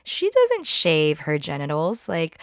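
A woman in her thirties hosting a podcast, telling a crude comic story in an animated, profane way. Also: low-pitched, slow, no room sound, clean studio sound. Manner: crude, animated, swears freely. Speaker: podcast host.

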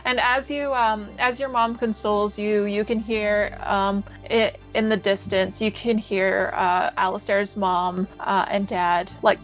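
A woman's voice: mid-range voice, poor audio. Woman narrating as game master. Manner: slow, atmospheric storytelling. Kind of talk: narrating a tabletop role-playing game.

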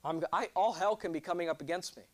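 A young man preaching a sermon, animated and joking, drawing responses from his congregation. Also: sits high, fast talker. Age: 20s. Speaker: pastor.

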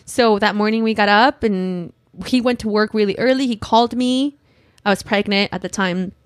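A woman's voice: medium pitch, normal speed, dry recording, clean studio sound. A young woman telling a personal story on a podcast in a rambling way, filling her talk with "like" and getting emotional. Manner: rambling, heavy use of "like", emotional.

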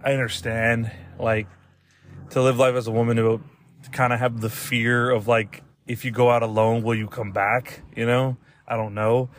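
A man's voice: mid-range voice, little pitch movement, moderate pace, a little hiss or hum. A young man hosting a podcast, rambling casually with lots of swearing and laughter. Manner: loose, profane, rambling with laughs. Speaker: podcast host. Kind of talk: casual rant.

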